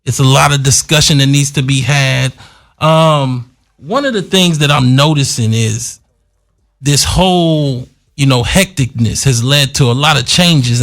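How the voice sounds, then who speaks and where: A man's voice: mid-range voice, a bit bright. A man hosting his own talk show in a casual, slangy, playful commentary style. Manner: laid-back, slangy, playful. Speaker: host.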